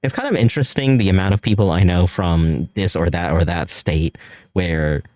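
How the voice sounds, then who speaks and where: A man with a neutral American accent, streaming and chatting casually while drawing, rambling and swearing, laughing often and jumping up in pitch when he jokes. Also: normal speed, a little mellow, dry recording, clean studio sound. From California. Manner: rambling, loose, swears often, laughs a lot, voice jumps high when joking.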